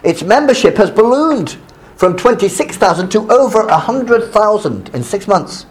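A man reading an article aloud to a class, breaking off to explain it in halting, filler-heavy asides. His voice sits somewhat high and is very lively, swooping up and down as he reads. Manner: halting explanations with many fillers between read passages.

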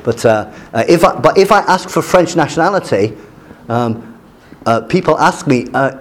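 A man's voice: on the high side, expressive, moderate pace. A middle-aged man from Britain giving a classroom lecture in a wry, digressive way, often stopping and restarting his sentences.

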